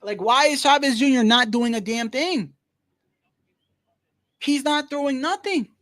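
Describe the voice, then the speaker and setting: Male streamer, high-pitched, slangy and blunt, casual live fight commentary, dry close mic. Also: a little slow, a bit bright, no echo. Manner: slangy, says "bro" constantly, blunt and opinionated.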